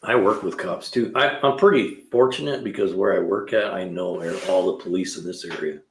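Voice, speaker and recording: A man's voice: deep voice, normal speed, slight background noise. A man hosting a live stream in his garage, chatting casually and telling rambling stories to his viewers. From California. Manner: rambling, talkative storyteller with slang. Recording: roomy echo.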